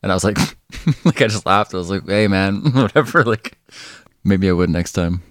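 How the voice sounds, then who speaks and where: Low-ish laid-back dude rambling thru a story on a podcast, laughs a lot, swears, dry close sound. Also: male voice, animated, normal speed, dry recording. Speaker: podcast co-host. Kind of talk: casual chat, storytelling.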